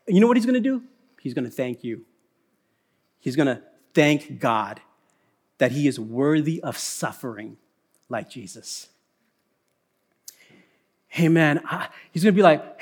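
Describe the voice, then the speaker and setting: A young adult man preaching a sermon with animated delivery, swinging from loud emphasis to hushed lines. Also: high-pitched. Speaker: pastor.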